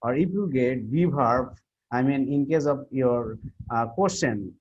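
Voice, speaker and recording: A man's voice: mid-range voice, a little hiss or hum. A man teaching a class on word stress and intonation, often repeating himself and restarting his sentences. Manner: halting, repeats himself, many fillers and restarts. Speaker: English teacher. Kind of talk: classroom lecture on pronunciation. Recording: muffled lo-fi recording.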